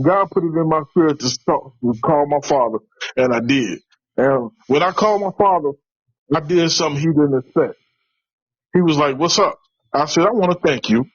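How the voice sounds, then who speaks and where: This middle-aged tradesman from Chicago's West Side has a slightly high voice, recorded with no echo and the highs cut off. Being interviewed, he earnestly tells a personal story, restarting his sentences many times.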